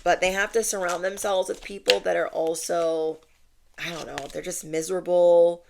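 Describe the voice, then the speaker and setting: A woman's voice: lowish voice, steady tone, moderate pace, creaky, background noise. A young woman giving a casual spiritual tarot reading and talking to viewers in a chatty, emphatic way. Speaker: tarot reader.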